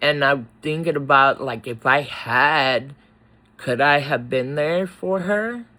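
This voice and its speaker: A man talking in a personal vlog, halting and choked up, pausing often between words. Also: a little high, sharp tone, poor audio. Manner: slow, halting, with many pauses and fillers. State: tearful, choked up. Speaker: faith vlogger.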